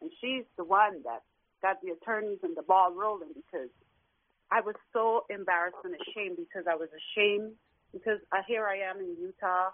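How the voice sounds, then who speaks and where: A woman's voice: medium pitch, moderate pace. A middle-aged woman calling in to a talk show, telling her own story in an earnest, emotional way. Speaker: guest caller. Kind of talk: personal account on a talk show. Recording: tinny dry phone line.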